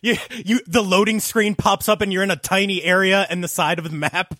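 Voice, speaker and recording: A man's voice: sits high, a little fast, no echo, clean studio sound. A man co-hosting a podcast, chatting casually and jokingly, often stammering as he starts his thoughts. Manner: animated, jokey, stammering restarts. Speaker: podcast co-host. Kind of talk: casual chat.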